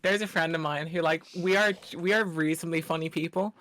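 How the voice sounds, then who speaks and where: A man's voice: fairly high pitch, fairly even intonation, fairly quick, a bit bright. A man co-casting a strategy game live, giving analytical commentary with joking banter. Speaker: co-caster.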